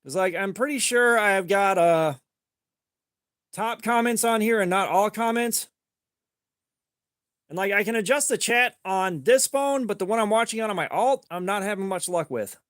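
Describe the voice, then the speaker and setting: A man streaming live, telling a rambling, profane story in a casual way and getting animated when he quotes people. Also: high voice, moderate pace, no echo, clean studio sound. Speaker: livestream host.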